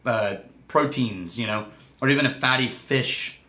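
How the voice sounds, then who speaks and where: Bright-voiced man explaining whiskey. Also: medium pitch, measured pace, echoey room. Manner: explanatory, enthusiastic, laughs easily. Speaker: whiskey show co-host. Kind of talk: casual tasting chat.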